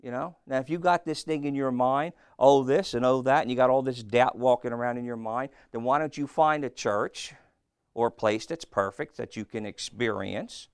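A man's voice: medium pitch, moderate pace, clear, resonant tone, dry recording, studio quality. A man preaching a sermon in a blunt, folksy way, often throwing questions back at the congregation. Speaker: pastor.

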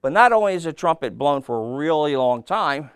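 A man preaching a sermon, telling a story with lively, playful asides and asking his listeners questions. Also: a little high, a little fast, smooth, dry recording, studio quality. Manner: animated storytelling, acting out voices, asks the crowd questions.

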